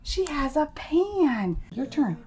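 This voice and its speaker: A young woman leading a small group of children through a phonics lesson. Her voice is fairly high and very lively, and she stretches each sound out slowly and patiently. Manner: slow, sing-song, encouraging teacher voice, stretches sounds. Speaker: preschool teacher.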